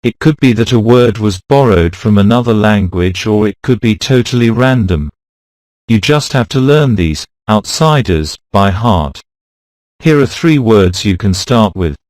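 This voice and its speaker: Slow, low-voiced male teacher, dry and close. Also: expressive, darkish tone, no echo. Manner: slow, deliberate, reads words out one by one. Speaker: pronunciation teacher. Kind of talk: scripted instructional narration.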